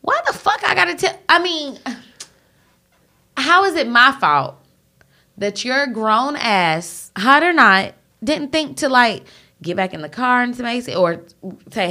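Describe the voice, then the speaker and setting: A woman's voice: a little high, sing-song, unhurried, sharp tone. A woman animatedly retelling reality TV drama in casual chat, swearing freely and slipping into slangy voices for the people she recaps. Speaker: podcast co-host recapping reality TV.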